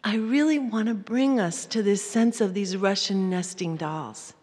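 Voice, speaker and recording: A woman giving a live talk to an audience, gentle and often dropping to a soft near-whisper. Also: mid-range voice, husky. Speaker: workshop speaker. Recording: hall reverb.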